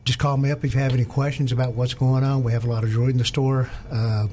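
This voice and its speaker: A man who is a jeweler, appearing as a guest on a casual radio show and pitching his store eagerly in loose run-on lists. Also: little pitch movement, quick pace, dark tone, a little hiss or hum.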